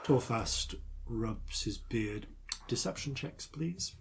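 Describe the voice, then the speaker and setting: A man narrating as game master, halting and full of filler sounds as he describes the scene. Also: mid-range voice, expressive, vocal fry, a little hiss or hum. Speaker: dungeon master.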